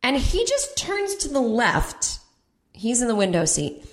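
A woman comedian and podcast host telling a comedic story, animated and acting out voices with big jumps in pitch. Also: a little slow, echoey room. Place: home in Brooklyn.

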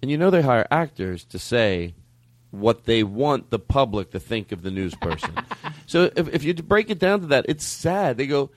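A man hosting a podcast, talking in a rambling, animated way and laughing often as he riffs. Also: mid-range voice, moderate pace, no echo. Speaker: podcast host. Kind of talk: casual comedic chat.

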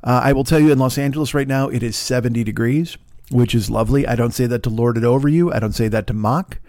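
A man's voice: mid-range voice, quick pace, no room sound, studio quality. A man hosting a podcast from his apartment, ranting in a casual, profane, rambling comedic monologue. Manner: profane, rambling, animated rants. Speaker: podcast host. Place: home apartment in Los Angeles.

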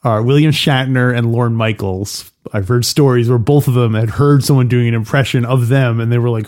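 A man's voice: medium pitch, normal speed, few pauses, a little mellow. A man co-hosting a podcast in casual chat, talking easily, laughing often and trailing off with ums. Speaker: podcast co-host.

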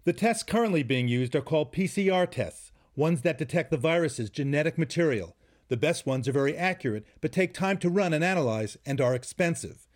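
A man reporting as a medical correspondent, calm and explanatory. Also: a little high, brisk. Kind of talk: news report narration.

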